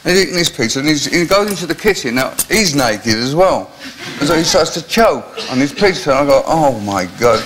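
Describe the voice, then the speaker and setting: Chat-show guest, man, rambling self-mocking storyteller, slightly high voice, faint hiss. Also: animated, a little fast, fairly bright tone, rough recording.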